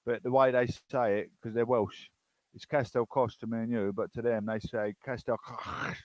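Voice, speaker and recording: A man's voice: mid-range voice, fairly even intonation, normal speed, darkish tone, no echo, low-quality recording. Chatty British man, dry sound. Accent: British English. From United Kingdom. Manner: rambling, chatty, unsure. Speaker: online chat host. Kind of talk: casual chat with strangers.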